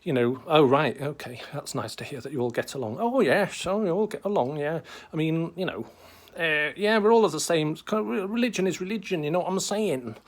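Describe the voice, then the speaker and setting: A man's voice: on the high side, expressive, a little fast. A man voicing Jesus as a laid-back, chatty northern English bloke with a Northern English accent, talking casually and calling people pal and lad in a comic interview. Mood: breezy.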